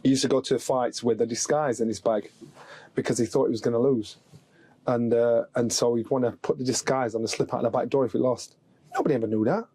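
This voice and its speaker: A man's voice: mid-range voice, a little fast, slightly rough. A middle-aged man from England, a guest on a podcast, telling stories in casual chat and acting out the voices of the people in them. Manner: animated storyteller, acts out quoted voices. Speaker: podcast guest, former boxing world champion.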